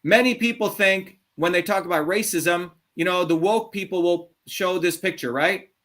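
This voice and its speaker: Blunt, combative middle-aged man, slightly high. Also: normal speed, a bit bright. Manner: blunt, combative, swearing, emphatic. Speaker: show host. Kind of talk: heated call-in monologue.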